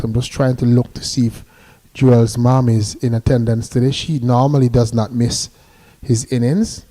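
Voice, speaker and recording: A man giving live cricket commentary, chatty and relaxed, sending greetings to listeners between deliveries. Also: medium pitch, normal speed.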